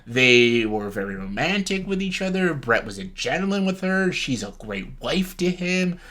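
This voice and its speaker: A man's voice: fairly high pitch, big pitch swings, moderate pace, a bit bright. A young man vlogging casual commentary on a reality show, talking bluntly with lots of swearing and exasperation. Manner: blunt, heavily profane, exasperated ranting.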